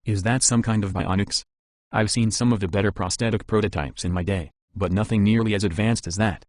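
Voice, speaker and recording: A man's voice: fairly low pitch, steady tone, fairly quick, a little mellow, no echo, natural voice. A man voicing a talkative, grateful engineer in an audiobook. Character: eager middle-aged male engineer, talkative.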